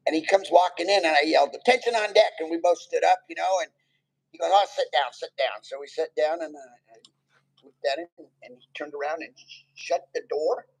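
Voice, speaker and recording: A man's voice: a little high, steady tone, fairly quick, creaky, a little mellow, slightly rough, poor audio. A man, a Navy veteran guest, telling stories and jokes in a casual chat by a campfire and laughing often. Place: outdoors by a campfire.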